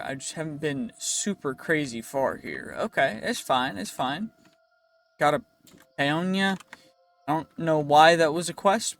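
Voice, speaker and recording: Upbeat man with a raised pitch. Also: a bit bright. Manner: upbeat, playful slang and asides to viewers. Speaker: gaming channel host. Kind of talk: casual gameplay commentary.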